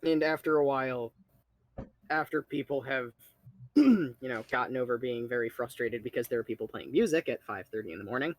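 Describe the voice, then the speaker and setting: A man running a tabletop game as game master, narrating in a relaxed, casual way. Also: medium pitch, a little fast, dry recording, low-quality recording.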